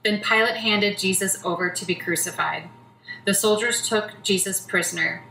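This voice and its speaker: Bright-voiced woman narrating scripture. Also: medium pitch, fairly even intonation, normal speed, gravelly. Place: church. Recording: roomy church from a distance, faint noise.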